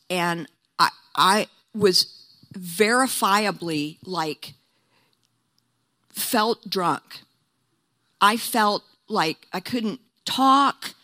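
A woman preaching, her voice bright and forward. She is animated and laughs often, and she acts out quotes as she tells stories from the pulpit. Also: fairly low pitch. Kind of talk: sermon.

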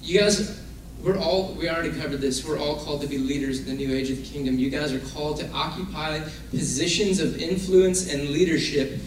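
A man's voice: fairly high pitch, a little fast, hardly any pauses. A man preaching a casual, conversational sermon and acting out the people in his stories. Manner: casual, conversational, acts out quoted figures. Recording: very echoey room from far off, faint noise.

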